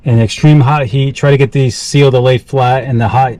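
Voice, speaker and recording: A man's voice: medium pitch, steady tone, a little fast, warm tone, poor audio. Winded man talking through a gear install. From South Carolina. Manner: rambling, self-correcting, talks while working with his hands. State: out of breath. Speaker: outdoor gear vlogger. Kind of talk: casual how-to vlog.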